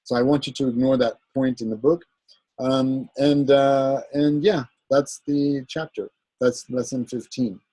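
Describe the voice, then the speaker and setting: Husky man teaching a hesitant grammar class. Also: medium pitch, fairly even intonation, mellow, no echo, poor audio. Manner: halting, searching for words, many ums and restarts; explains a grammar point patiently, checking with "right?". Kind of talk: recorded class lecture.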